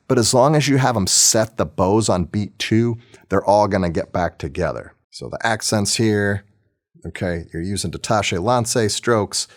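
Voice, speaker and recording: A man giving an instructional lesson on teaching a beginning orchestra piece, practical and encouraging with casual fillers. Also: low voice.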